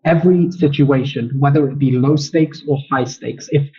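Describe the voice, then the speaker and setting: A man being interviewed as a trading guest, explaining his views calmly. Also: a little high, moderate pace. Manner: calm, explanatory. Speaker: trader guest. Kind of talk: interview answers. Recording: dull lo-fi audio.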